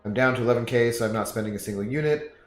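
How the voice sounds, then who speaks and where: A man's voice: mid-range voice, rapid-fire. Southern US male streamer, rambling and laughing, roomy echo with faint music behind. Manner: rambling, chatty, laughs often. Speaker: game streamer. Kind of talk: casual chat with viewers. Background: faint background music.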